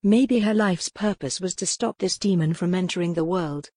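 A woman reading a novel aloud in a measured, even scripted narration. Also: lowish voice, no room sound, clean studio sound. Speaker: audiobook narrator.

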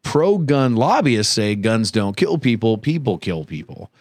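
Low-voiced podcast guy, kinda raspy from bronchitis, animated, laughs a lot, dry booth sound. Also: measured pace, dry recording. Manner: laughs often, reads from notes. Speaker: podcast co-host. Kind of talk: casual podcast banter. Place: recording booth.

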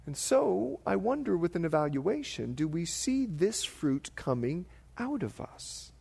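Man, middle-aged, sermon, animated storytelling, slightly high voice. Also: a little slow, vocal fry, breathy edge, long reverb tail. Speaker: pastor.

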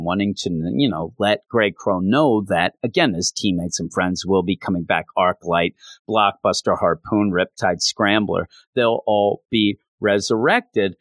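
A man's voice: on the low side, measured pace, a bit bright, no echo. A man reviewing comics in casual, rambling talk, full of fillers. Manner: rambling, many fillers like "you know".

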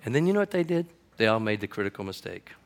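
A middle-aged man, a pastor, preaching to a congregation and telling a comic story that builds to shouts at its climax. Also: lowish voice, sing-song, fast. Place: church auditorium before a congregation.

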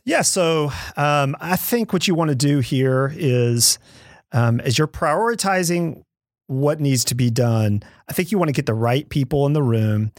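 A man on a podcast calmly explaining leadership steps in a conversational way. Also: a little high, dry recording, studio quality. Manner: measured, explains step by step with acted-out quotes.

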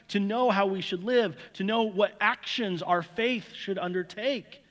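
Long hall reverb carries a man's high, somewhat bright voice as he preaches. His sermon is earnest and emphatic, with repeated words and an illustrative story worked in.

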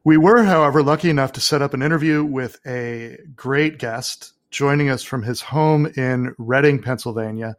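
A man's voice: mid-range voice, moderate pace, hardly any pauses. A man hosting a comedy interview who introduces the guest and politely steers the conversation. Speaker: host.

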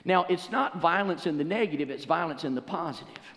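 Exuberant, animated preacher man. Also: fairly high pitch, brisk. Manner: animated storytelling preacher, bursts into exuberant shouts. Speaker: pastor. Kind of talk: sermon. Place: church sanctuary. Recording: long church hall reverb.

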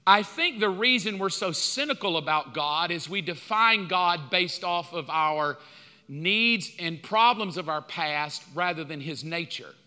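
A male pastor preaches in a high, piercing voice that rings through a long-reverb church hall. He is lively and conversational, and he acts out dialogue with God. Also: unhurried. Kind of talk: sermon. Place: church sanctuary.

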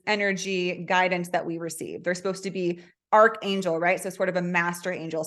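A woman hosting a spiritual self-help show, talking casually and asking listeners questions. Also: fairly low pitch. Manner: chatty, animated, asks listeners questions. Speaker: host. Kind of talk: casual spiritual coaching talk.

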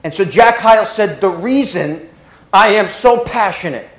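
An emotional male pastor preaches in an echoey church hall. His voice sits high and swings widely, dropping to near whispers and climbing to loud passionate peaks. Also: animated, measured pace. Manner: emotional, dramatic storytelling with swings from hushed to loud. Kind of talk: sermon.

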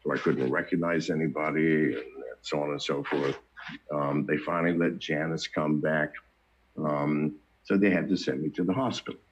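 A man's voice: rumbling low, steady tone, normal speed, slightly rough. An older man telling his story in casual, blunt, profane talk, chuckling between anecdotes. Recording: dull lo-fi recording.

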